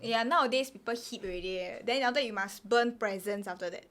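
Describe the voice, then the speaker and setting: A woman with a fairly high voice co-hosts a podcast in casual chat. She sounds animated and teasing, and she throws in quick exclamations. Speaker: podcast co-host.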